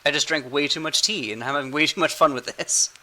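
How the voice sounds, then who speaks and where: A man's voice: a little high, fast, sharp tone, poor audio. A man hosting a casual podcast chat as game master, playful and rambling, laughing often.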